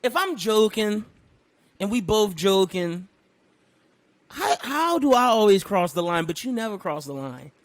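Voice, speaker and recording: A man co-hosting a casual podcast, telling a story with animated energy, laughing often and breaking into loud bursts. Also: high voice, measured pace. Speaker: podcast co-host.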